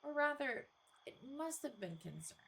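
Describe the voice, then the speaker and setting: A woman streamer reading a horror game aloud in first person, with casual, expressive asides and the occasional swear. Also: high voice, normal speed, gravelly, a little hiss or hum, poor audio.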